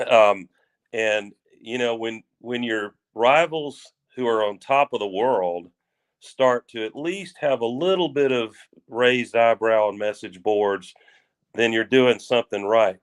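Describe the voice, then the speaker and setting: A man co-hosting a sports talk show, rambling in a folksy way with drawn-out phrases and restarts. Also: medium pitch, clear, resonant tone. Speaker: sports radio co-host.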